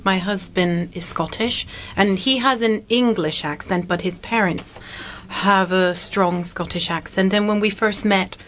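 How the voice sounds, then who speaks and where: A woman chatting as a guest, telling lively anecdotes. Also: mid-range voice, a little slow, hardly any pauses. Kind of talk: casual chat.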